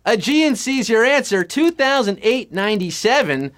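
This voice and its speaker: This quiz host has a very high, very animated, slightly bright voice. He runs a live trivia game, reeling off questions briskly and punning and joking between answers while music plays behind him.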